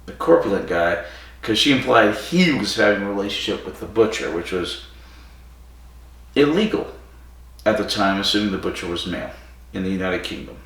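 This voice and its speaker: A man's voice: fairly low pitch, animated, moderate pace, long pauses, fairly bright tone. A man hosting a podcast, casually recapping a story with digressions and self-corrections. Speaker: podcast host. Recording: very echoey room, far from mic.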